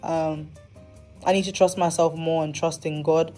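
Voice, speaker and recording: A woman's voice: sits low, level tone, measured pace, mellow, soft background music. A young woman hosting a podcast, talking candidly and animatedly in a casual monologue with slangy, dramatic asides. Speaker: podcast host.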